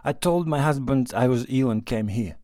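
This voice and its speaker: A man voicing an unhappy young wife who pours out her guilt, pleading and self-reproaching. The voice sits in an ordinary middle pitch, recorded dry and close for a storybook reading. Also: normal speed, dark tone, dry recording, lightly acted. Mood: remorseful. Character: young unhappy married woman, remorseful.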